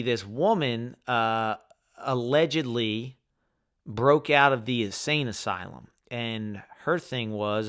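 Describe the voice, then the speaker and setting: A man hosting a solo podcast, talking candidly and with profanity, moving between heated rants and quiet reflection. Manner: candid and profane, swinging from heated ranting to low reflective musing. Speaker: podcast host.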